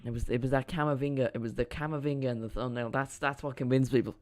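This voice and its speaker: Man, live-stream host, casual rambling chat, average pitch. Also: fairly even intonation, quick pace, hardly any pauses. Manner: rambling, chatty, reacts to chat and match. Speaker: streamer hosting a live football watchalong.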